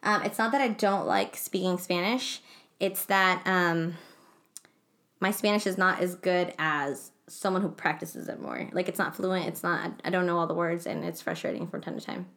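A woman's voice: on the low side, fairly even intonation, moderate pace, fairly bright tone. A young woman telling a personal story in a casual chat, rambling with lots of fillers and self-corrections.

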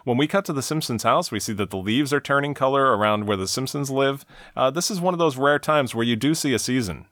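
A man's voice: mid-range voice, fast talker, fairly bright tone, no echo, studio quality. A man hosting a podcast, casually recapping a cartoon episode scene by scene with light laughs.

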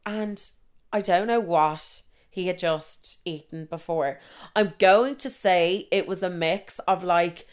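A young Irish woman telling stories casually, animated and swearing freely, acting out the people she quotes. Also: lowish voice, slow pace, smooth. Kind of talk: casual storytelling monologue.

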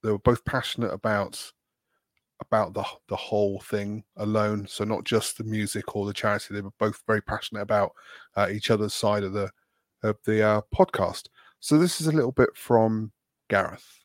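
A man's voice: on the low side, fairly even intonation, moderate pace, no room sound, clean studio sound. A man from England co-hosting a casual podcast chat, rambling and self-deprecating with plenty of fillers. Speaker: podcast co-host.

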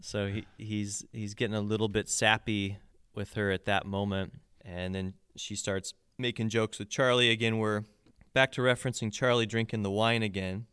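A man with a low, clean voice talks through song lyrics in a casual podcast chat. He explains in detail and restarts his sentences often. The sound is close and dry, with no room echo. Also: flat delivery, moderate pace, a bit bright, clean tone. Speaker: podcast co-host. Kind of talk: casual album discussion.

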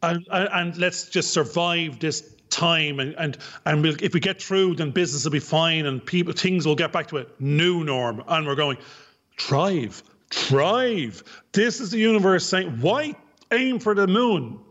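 A man with an Irish accent, co-hosting a casual podcast chat, talking with animated emphasis and repeating words for stress. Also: on the high side, moderate pace, hardly any pauses, lo-fi sound. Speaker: podcast co-host.

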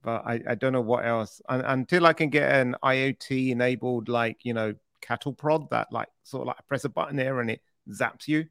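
A man's voice: mid-range voice, normal speed, creaky, hardly any pauses, a bit bright, dry recording. A British man co-hosting a security podcast, teasing his co-host in a dry, mock-pompous way. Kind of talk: casual chat.

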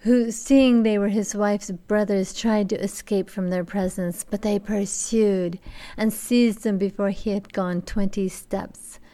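A woman lecturer reads a fairy tale aloud at a slow, measured pace. Her voice sits at a middle pitch and stays deliberate throughout. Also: steady tone, dark tone.

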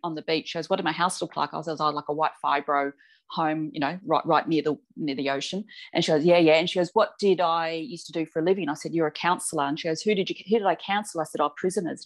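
A woman with a somewhat low voice talks casually as a podcast guest. She is a chatty storyteller who acts out the dialogue she quotes. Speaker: clairvoyant medium guest.

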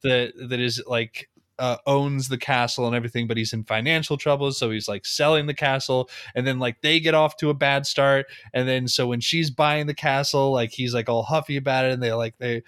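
A man's voice: mid-range voice, fairly even intonation, a little fast, few pauses, a bit bright, smooth, no echo, studio quality. Laughing man recapping a movie. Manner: laughs often, fillers of like. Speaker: podcast co-host. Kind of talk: casual movie recap chat.

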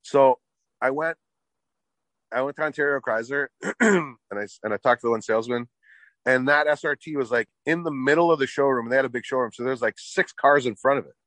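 A man's voice: mid-range voice, a little fast, a bit bright, dry recording. Brief: man, loose profane storyteller, dry close sound. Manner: profane, rambling, fillers like "like". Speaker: car customizer telling a story. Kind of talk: casual storytelling chat.

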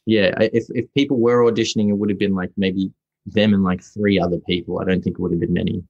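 A young Australian man, a guest actor, chatting casually in an interview, halting and restarting often. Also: sits low, fairly even intonation, darkish tone, slightly rough, no room sound, dull audio. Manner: halting, full of restarts and fillers.

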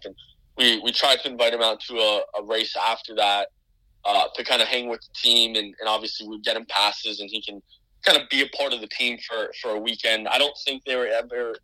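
Man, business owner guest, very bright voice, dry close sound, loose rambling podcast talk. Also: medium pitch, no echo, poor audio. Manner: rambling, many restarts and fillers. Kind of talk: casual podcast chat.

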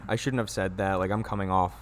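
A man co-hosting a casual film discussion, relaxed, sometimes quoting scenes in a mock voice. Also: deep voice, fast talker. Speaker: film review podcast co-host. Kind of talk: casual chat.

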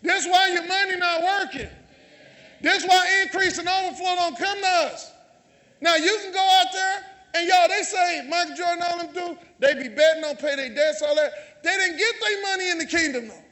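A man's voice: extremely high pitch, moderate pace, pushed and bright. A man with a Southern US accent preaching a sermon in a church, calling out to the congregation and teasing them. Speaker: pastor. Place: church sanctuary. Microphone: handheld or stage mic.

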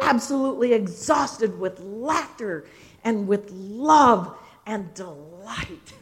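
An older woman minister giving a sermon, telling stories slowly and expressively with dramatic pauses. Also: medium pitch, expressive.

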